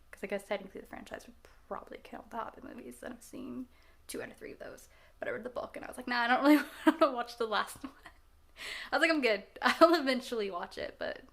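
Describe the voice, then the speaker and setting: A woman's voice: medium pitch, vocal fry, fairly bright tone. Rambling, giggly young woman. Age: 20s. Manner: chatty, laughs often, restarts and repeats herself. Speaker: vlogger reacting to films. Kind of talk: casual rambling chat.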